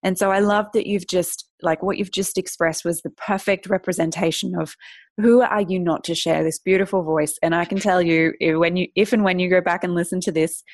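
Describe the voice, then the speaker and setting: A woman's voice: on the low side, steady tone, fairly quick, no echo. A woman hosting a podcast interview, gushing and lavish with praise for her guest. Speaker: podcast host.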